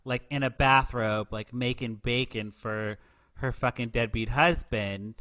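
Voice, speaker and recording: A man's voice: medium pitch, fairly even intonation, measured pace, pushed and bright. A man hosting a podcast, recapping a TV movie in casual chat, joking with many filler words. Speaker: podcast host.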